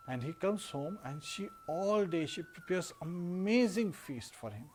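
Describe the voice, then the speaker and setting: A man giving a devotional discourse, telling a story in a relaxed way with frequent "uh" and "you know" fillers. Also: a little high, moderate pace, few pauses, slight background noise. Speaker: devotional speaker. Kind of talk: storytelling sermon.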